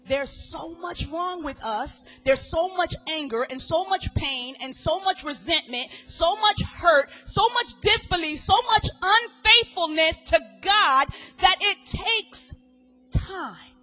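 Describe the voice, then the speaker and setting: Woman preacher, sermon, slow deliberate delivery, bright ringing tone, dramatic swings in volume. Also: very high voice, animated, faint music behind.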